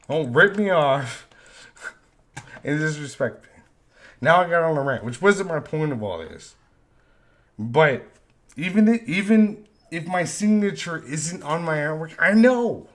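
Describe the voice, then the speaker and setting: A man's voice: fairly high pitch, animated, measured pace, long pauses. Profane ranting man. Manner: frustrated, profane, repeats himself. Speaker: live stream host, vector artist. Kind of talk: ranting live stream monologue.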